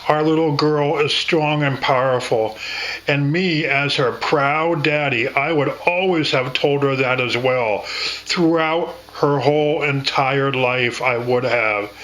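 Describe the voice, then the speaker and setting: A man speaking as a grieving father, slow, earnest and sincere. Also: fairly high pitch, fairly bright tone, rough recording. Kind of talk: intimate spoken conversation.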